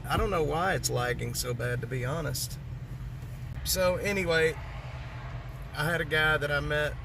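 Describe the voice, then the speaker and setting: A man's voice: medium pitch, vocal fry, noisy background. A man chatting casually on a livestream from his parked car at a gas station, rambling and joking with viewers.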